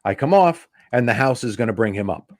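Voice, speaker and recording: A middle-aged male comedian telling a backstage story as a guest, lively and acting out the people in it. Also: medium pitch, brisk, no echo, clean studio sound. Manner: animated, acts out voices in anecdotes. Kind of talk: casual storytelling.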